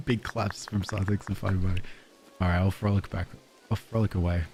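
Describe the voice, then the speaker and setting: Laid-back Australian streamer, low mellow voice. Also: male voice, fairly even intonation, brisk, slight background noise. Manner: chatty, laughs often, thanks chat viewers. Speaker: game streamer. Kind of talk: casual live-stream commentary.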